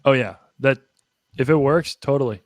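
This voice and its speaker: A man hosting a video call interview, who mostly gives brief, low-key replies. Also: normal speed, no echo. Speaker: host.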